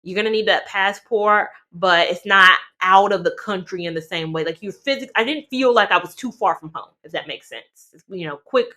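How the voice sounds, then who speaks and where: A woman from North Carolina chatting casually to camera as a travel vlogger, animated and talking straight to her viewers. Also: medium pitch, normal speed, hardly any pauses. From North Carolina, USA.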